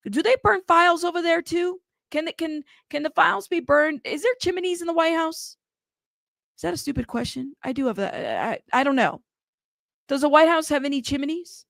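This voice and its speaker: A woman's voice: high voice, gravelly, fairly bright tone, no room sound, studio quality. A woman hosting a casual live news commentary show, chatty and playful, laughing often as she reads out viewer comments. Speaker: host of a news commentary livestream.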